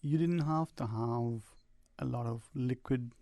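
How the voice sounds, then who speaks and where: A man hosting a call-in radio talk show from the Cayman Islands, speaking in a measured, reflective way and choosing his words carefully. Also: medium pitch, dark tone, dry recording. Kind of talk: casual radio chat.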